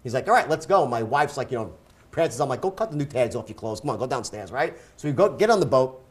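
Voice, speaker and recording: A man telling a wild story as a guest speaker, in an animated way and acting out the voices he quotes. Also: mid-range voice, fast talker.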